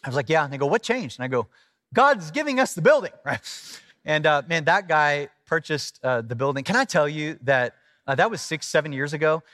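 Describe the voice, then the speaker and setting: A middle-aged man preaches in a relaxed, conversational way. He tells his story with lively, animated delivery and acts out the quotes. His voice sits a little high, and the recording is close and dry. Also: brisk, dry recording. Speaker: pastor. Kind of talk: storytelling sermon.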